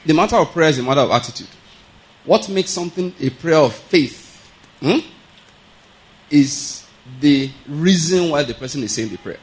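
A man with a fairly high voice preaches a sermon in a conversational teaching style, often checking that listeners follow along and chuckling as he goes. The recording quality is low.

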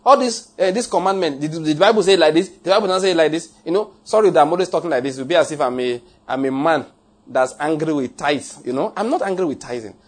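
Husky preacher, jokey and emphatic. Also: male voice, on the high side, lively intonation, fast. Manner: jokey and emphatic, laughing at his own points, repeating lines. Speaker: pastor. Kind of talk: sermon.

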